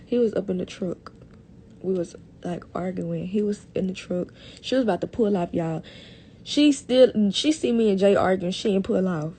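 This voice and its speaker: Gravelly young woman telling a story. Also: mid-range voice, moderate pace, a little hiss or hum. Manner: animated, talks to viewers as y'all, heavy swearing. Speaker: live streamer. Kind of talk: casual storytelling on a livestream.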